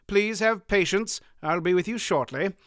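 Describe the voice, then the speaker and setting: A man's voice: high voice, normal speed, a bit bright, no room sound, studio quality, voice pushed up. Audiobook: a man voicing a nervous, thin merchant with a slight lisp. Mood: polite. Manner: polite and nervous.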